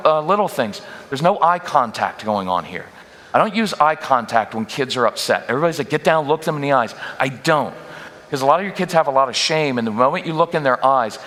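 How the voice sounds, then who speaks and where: A man giving a humorous parenting workshop talk as a guest speaker, lively and jokey, often slipping into quick mock voices of parents and kids. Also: mid-range voice. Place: church auditorium. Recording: long hall reverb in a church.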